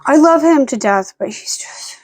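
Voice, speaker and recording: A tired young-sounding woman rambles through a late-night home vlog with a slightly high voice, swearing freely and barking short, firm commands at her dogs. The sound is dry and close, with dogs in the room around her. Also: lively intonation, normal speed, darkish tone, no echo. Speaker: vlogger. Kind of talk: casual vlog talk.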